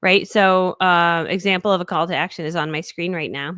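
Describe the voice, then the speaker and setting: A woman teaching during a live stream, talking energetically with big upbeat leaps in pitch and thinking aloud while she fumbles with her screens. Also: fairly even intonation, a little fast, few pauses, fairly bright tone, no room sound, studio quality. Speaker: online business coach.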